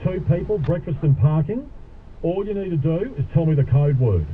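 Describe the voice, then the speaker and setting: A man's voice: fairly high pitch, animated, normal speed. A man hosting talk radio, casual and matey, chatting with callers. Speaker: radio host. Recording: tinny radio broadcast with faint noise.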